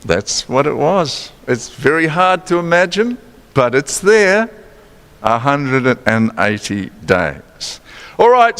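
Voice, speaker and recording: Lively New Zealand preacher in a reverberant church. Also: male voice, a little high. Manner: animated, chatty, playful teasing. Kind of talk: sermon with quiz and asides. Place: church sanctuary. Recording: long church hall reverb.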